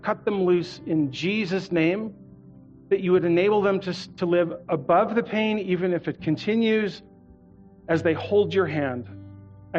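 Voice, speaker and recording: A man preaching a sermon as a guest in a church, earnest and leading the congregation to repeat phrases after him. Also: high-pitched. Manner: earnest, leads congregation in call-and-response. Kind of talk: sermon with prayer. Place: church auditorium. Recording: muffled church recording with soft music.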